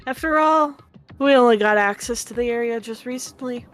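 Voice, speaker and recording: A woman reading the lines of a cool, guarded teenage girl detective in a terse, measured way. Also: on the high side, faint music behind, natural voice. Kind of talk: dramatic reading of game dialogue.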